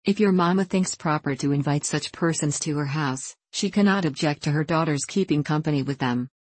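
A woman's voice: sits low, brisk, no room sound. Woman reading as a haughty, prim young woman. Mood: disdainful. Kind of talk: audiobook dialogue reading.

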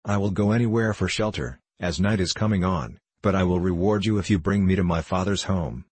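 A man's voice: deep voice, brisk, a little mellow, husky, no room sound. Man voicing a lost boy prince. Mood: earnest. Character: lost young boy prince, anxious and earnest.

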